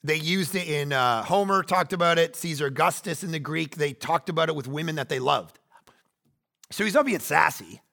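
A man in his forties preaching a sermon, animated, swinging between loud bursts and hushed asides. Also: a little high, moderate pace, vocal fry. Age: 40s. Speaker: pastor.

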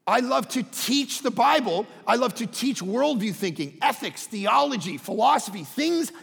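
A pastor preaching a sermon with animated storytelling and sudden loud bursts of emphasis. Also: male voice, very high-pitched, normal speed, creaky, slightly rough. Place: church hall. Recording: reverberant hall.

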